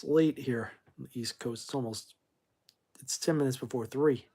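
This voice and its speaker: A man's voice: mid-range voice, normal speed, mellow. Sleepy, blunt male rock stream host. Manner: drowsy, rambling, blunt and profane. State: sleepy, yawning. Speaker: livestream host. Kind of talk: casual livestream chat about classic rock.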